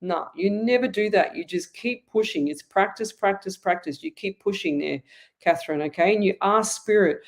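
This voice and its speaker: A woman's voice: mid-range voice, normal speed. A middle-aged Australian woman hosting a live online psychic show, talking to viewers in a chatty, rambling way with many restarts. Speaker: psychic medium host. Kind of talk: live online reading, answering viewer comments.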